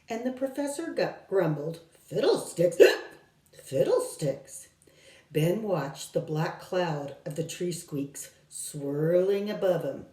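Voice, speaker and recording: Woman teacher, storybook read-aloud, mellow and animated, roomy distant recording. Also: fairly low pitch. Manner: slow, expressive read-aloud with lively voicing. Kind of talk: reading a storybook aloud to a class.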